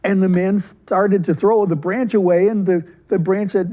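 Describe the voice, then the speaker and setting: Male children's storyteller, high-pitched, animated delivery, muffled lo-fi audio. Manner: lively, animated, switches into quick character voices. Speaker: library storyteller.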